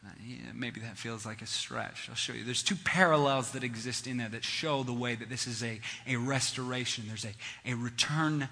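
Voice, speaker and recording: A man's voice: medium pitch, normal speed, gravelly, few pauses, pushed and bright. A man preaching a sermon in a conversational teaching manner, driving his points home with emphatic repetition. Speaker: pastor. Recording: long hall reverb.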